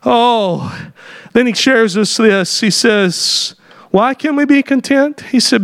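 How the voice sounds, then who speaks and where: A pastor preaching a sermon in an impassioned style, rising to shouts. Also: male voice, extremely high pitch, slow, gravelly.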